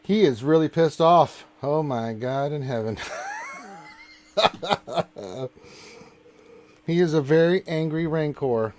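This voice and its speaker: A man's voice: on the high side, takes it slowly, long pauses, darkish tone, a little hiss or hum. Distracted man hosting a gaming stream. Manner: distracted, exclaiming while playing a game. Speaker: live stream host. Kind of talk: casual gaming stream chat.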